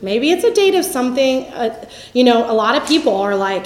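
A woman in her forties with a high voice teaches from the Bible, telling lively stories. Her voice rings in an echoey room. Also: a little fast, a little hiss or hum. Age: 40s. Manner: lively storytelling, acts out quotes with laughs. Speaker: campus ministry speaker.

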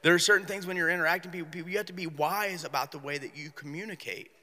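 A man with a fairly high, bright voice gives a lively storytelling talk at a ministry workshop. His sound rings in a large hall with a long reverb. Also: quick pace. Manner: animated storyteller acting out voices. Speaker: campus minister speaking at a workshop.

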